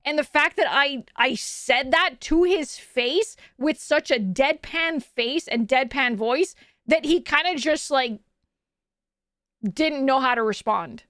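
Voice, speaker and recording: Chatty high-voiced young woman streamer. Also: slow, fairly bright tone, no echo, clean studio sound. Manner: chatty, storytelling, reads chat aloud. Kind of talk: casual chat with stream chat.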